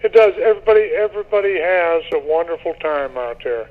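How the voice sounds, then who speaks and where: A man's voice: fairly high pitch, animated, a little fast, narrow, tinny audio. An older man, a radio interview guest, talking in a rambling casual way and often repeating himself.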